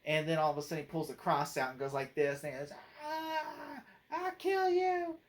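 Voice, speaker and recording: A man with a slightly high, flat voice talks very fast through a casual spoken film review on his own channel. As a movie critic and channel host, he rambles between points, leaning on "like" and "you know," and laughs easily along the way.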